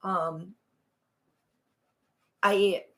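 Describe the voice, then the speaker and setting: A woman's voice: fairly low pitch, fairly even intonation, drawn-out words, sharp tone. A woman co-hosting a podcast in casual recap chat. She is chatty and rants with mock exasperation. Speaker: podcast co-host.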